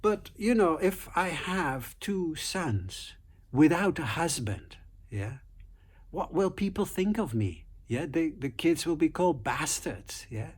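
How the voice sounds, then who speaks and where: Pitched-up pleading young wife, cunning and frantic, in a spoken folk tale, as a male storyteller puts her on. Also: sing-song, takes it slowly, breathy edge, full character voice. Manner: high pleading cries.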